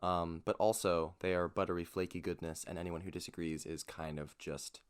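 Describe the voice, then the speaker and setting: Deep-voiced young man giving earnest opinions. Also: flat delivery, brisk, smooth. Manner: earnest, reasoned opinions with frequent restarts. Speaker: podcast co-host. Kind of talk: casual chat.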